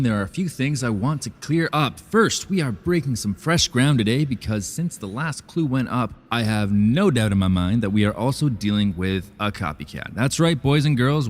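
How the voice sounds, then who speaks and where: An actor playing a dry, sarcastic male podcast host and journalist who loses patience with callers. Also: medium pitch. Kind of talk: scripted audio drama podcast.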